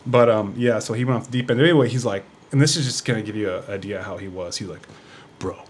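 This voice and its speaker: A man's voice: fairly low pitch, fast, slight background noise. A man, a former fighter, telling a story as a podcast guest in a loose, rambling way with lots of fillers and restarts. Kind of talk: casual storytelling chat.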